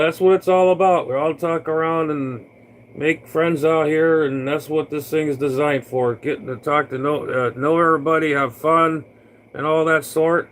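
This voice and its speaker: A man's voice: a little high, a little hiss or hum, rough recording. A man, a CB radio operator from Florida, chatting casually on air in a folksy, rambling way with lots of fillers.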